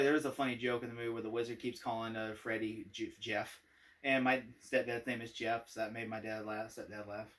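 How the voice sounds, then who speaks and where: A man's voice: medium pitch, fairly bright tone, recorded from a distance. A man giving a casual spoken movie review, rambling with many fillers and frequent laughter.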